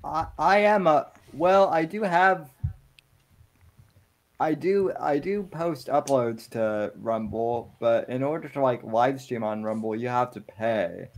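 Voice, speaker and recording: A man in casual podcast chat, halting and restarting his sentences. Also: mid-range voice. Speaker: streamer, podcast guest.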